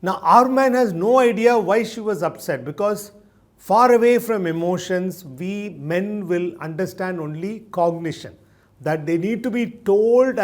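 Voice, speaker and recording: A man with a notably high voice gives a measured, explanatory talk. He is a doctor who leans on little stories and quoted dialogue. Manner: measured, storytelling with acted quotes. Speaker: doctor speaking on emotions.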